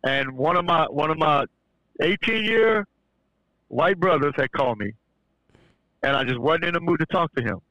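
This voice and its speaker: A man's voice: a little high, expressive, moderate pace, long pauses, sharp tone, no room sound, poor audio. A man sharing a religious testimony in casual talk. He stumbles and restarts often, then builds to fervent emphasis. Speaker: podcast guest sharing testimony. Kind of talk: casual church-style testimony.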